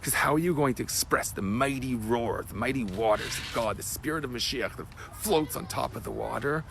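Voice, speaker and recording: A man, a rabbi, giving an emotional Torah class that swings from loud bursts to hushed whispers. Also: mid-range voice, a little fast, gravelly, hardly any pauses, background noise. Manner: animated, emotional teaching.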